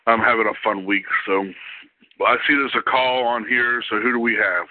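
A man's voice: medium pitch, moderate pace, no echo. A man hosting a live call-in internet radio show, chatting casually and rambling to fill time while he waits for callers. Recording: tinny phone line, dry.

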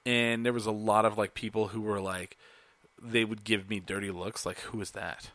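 Man co-host, lowish bright voice, easygoing and halting, dry mic. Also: no echo. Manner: relaxed, halting, repeats himself. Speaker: podcast co-host. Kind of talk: casual chat.

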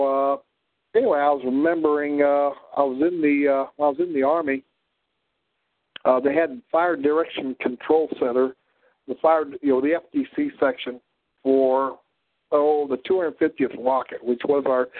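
An older man with a Southwest Missouri drawl, mixing prairie and Ozark sounds, hosting a rambling radio monologue full of halting restarts. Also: on the high side, no room sound. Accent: Southwest Missouri, mix of prairie drawl and Ozark. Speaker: radio show host. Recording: thin phone-like dry audio.

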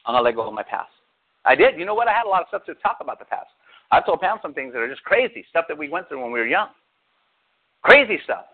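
A male pastor preaching a sermon, talking to his congregation with lots of rhetorical questions. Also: on the high side. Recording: phone-like narrow sound.

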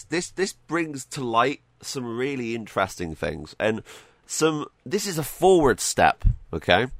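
A man's voice: mid-range voice, a bit bright, no echo. A man hosting his own podcast, chatting casually and joking, laughing often and tripping over repeated words. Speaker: podcast host. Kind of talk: casual solo podcast commentary.

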